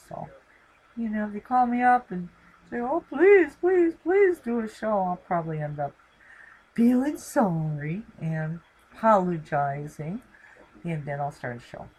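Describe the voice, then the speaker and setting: A woman's voice: low voice, animated, moderate pace, a little mellow, slightly rough, low-quality recording. A middle-aged woman hosting her own channel, chatting casually from home and rambling with lots of fillers. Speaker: channel host. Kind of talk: casual live-stream sign-off chat. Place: home, talking to camera with her dog.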